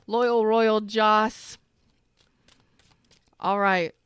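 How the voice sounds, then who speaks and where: Smooth-voiced woman chatting on a live stream. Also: mid-range voice, steady tone, very slow, pauses often, fairly bright tone, dry recording, studio quality. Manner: chatty, repeats herself, greets viewers by name; swears casually, slangy. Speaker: tarot reader streaming live. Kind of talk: casual live-stream chat and reading.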